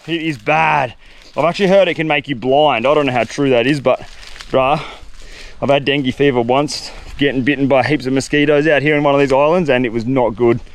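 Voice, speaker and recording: A young man talks straight to the camera as he explores a jungle on his own. His voice sits a little high for a man, and he speaks in a loose, slangy way that keeps spilling over into excitement. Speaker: survival vlogger. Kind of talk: solo outdoor vlog narration. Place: outdoors in a tropical jungle.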